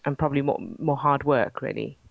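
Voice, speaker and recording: A woman's voice: very deep voice, a little fast, vocal fry, no echo, narrow, tinny audio. English woman with received pronunciation. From England. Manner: hesitant, many ums and restarts. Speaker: actress and guest. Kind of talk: interview over a line.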